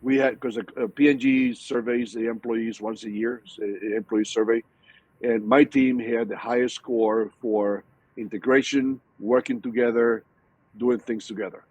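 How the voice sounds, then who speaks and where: An older man in his sixties with a slightly husky voice, answering interview questions casually. He talks in animated bursts and stumbles into frequent restarts and repeated words. The sound is dry and close. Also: medium pitch, unhurried, no room sound, highs cut off. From Hispanic background, from a Spanish-speaking country. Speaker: guest speaker.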